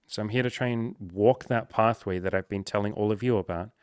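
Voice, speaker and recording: A man's voice: fairly low pitch, fairly even intonation, a little fast, clean tone, no room sound, studio quality. A man who is a coach, talking earnestly and emphatically in a personal vlog monologue, swearing often.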